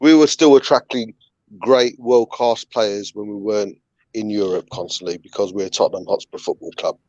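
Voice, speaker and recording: A man's voice: on the low side, fairly even intonation, normal speed, a little mellow, dry recording, muffled recording. A man talking football in casual chat, passionate, swearing and trailing off. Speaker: football podcast panelist.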